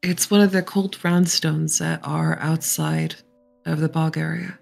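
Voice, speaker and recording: A woman playing her character in a tabletop role-play game, speaking in a gentle, measured, earnest way. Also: low voice, fairly even intonation, creaky. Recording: faint music behind.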